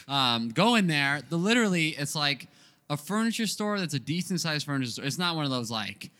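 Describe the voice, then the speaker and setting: A man's voice: on the high side, sing-song, fairly quick, pushed and bright. A man in his twenties telling a rambling, profane story in a casual comedic chat. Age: 20s.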